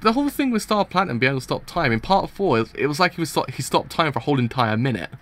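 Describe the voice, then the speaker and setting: A man's voice: a little high, very animated, racing, a bit bright. A young man streaming a manga reaction, reading pages aloud and rambling through casual commentary with many restarts. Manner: rambling, restarts, chuckles at his own points.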